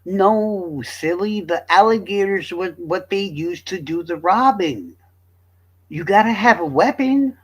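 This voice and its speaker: A man's voice: high-pitched, lively intonation, unhurried, husky. A young man from Florida, rambling through crude, joking commentary as a streamer.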